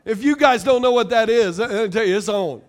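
A middle-aged man preaching a sermon as pastor, calling out to the congregation and swinging between loud and quiet. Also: sits high, brisk.

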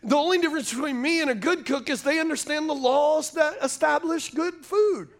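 Speaking at a fairly quick clip in an extremely high pitch, a male pastor delivers a sermon to a live congregation in a church sanctuary. He slips jokey asides between his points and uses call-and-response, asking the crowd to answer him.

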